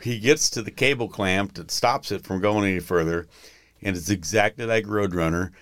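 A man's voice: fairly low pitch, normal speed, fairly bright tone, no echo, clean studio sound. A man telling rambling stories in a casual podcast chat, often breaking into laughter at his own tales.

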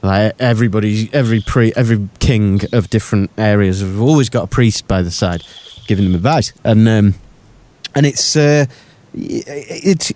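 A man co-hosting a podcast, chatting casually and animatedly about TV shows, jumping between thoughts with quick asides. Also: medium pitch, animated, darkish tone, no echo. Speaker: podcast co-host.

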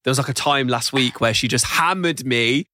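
A man's voice: medium pitch, normal speed, pushed and bright, no room sound, clean studio sound. A man co-hosting a casual chat podcast, laughing often and swearing casually. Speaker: podcast co-host.

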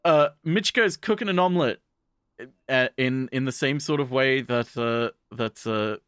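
Bright-voiced rambling podcast man. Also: mid-range voice, normal speed, clear, resonant tone, no room sound, clean studio sound. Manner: rambling, with frequent restarts and fillers; quotes characters in offhand voices. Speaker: podcast co-host. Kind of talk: casual anime recap commentary.

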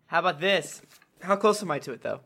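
A player at a tabletop game session describes their character's attacks with a grin. The voice is mid-pitched and bright, with a forceful edge. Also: lively intonation, a little fast. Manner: joking, acts out own character's lines.

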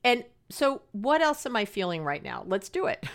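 A middle-aged woman counselor hosts an advice podcast in a casual monologue, her medium-pitched voice sing-song at a normal speed. She's chatty, earnest and passionate, often laughing at herself.

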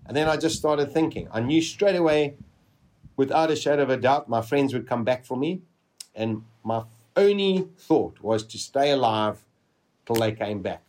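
A man vividly recounting a personal survival story, with dramatic pauses. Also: medium pitch, darkish tone, a little hiss or hum.

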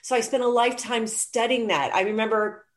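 A woman novelist from Mississippi talking reflectively about her writing, pausing often and searching for words. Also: on the high side, fairly even intonation. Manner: reflective, hesitant, many fillers. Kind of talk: casual conversation about writing.

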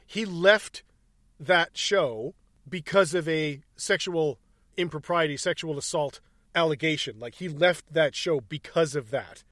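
A man's voice: on the high side, measured pace, a bit bright, no echo, studio quality. A man hosting a podcast, telling stories in casual profane chat and laughing often. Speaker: podcast host.

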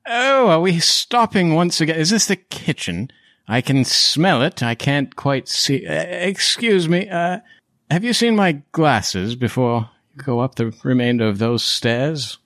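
A man's voice: a little high, lively intonation, unhurried, fairly bright tone, no room sound, studio quality, pitched above the performer's own voice. A man doing a doddering old monster hunter. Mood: fussy.

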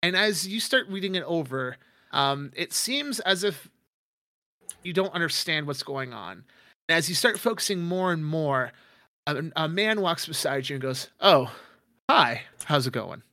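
A man's voice: on the high side, animated, normal speed, pushed and bright, no room sound, studio quality. A man narrating a tabletop game as game master, rambling with many fillers.

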